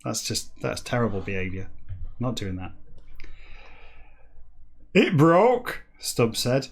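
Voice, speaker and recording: A man reading a book aloud for comedy, breaking off into dry, deadpan asides. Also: lowish voice, normal speed, creaky. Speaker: comic reader.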